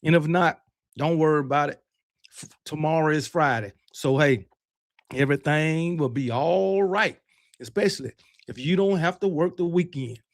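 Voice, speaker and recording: High-voiced, brash livestream host. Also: male voice, moderate pace. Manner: loose, fired-up and brash, with mild cursing; talks with candy in his mouth. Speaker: host of a college football livestream. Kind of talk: casual live-stream chat.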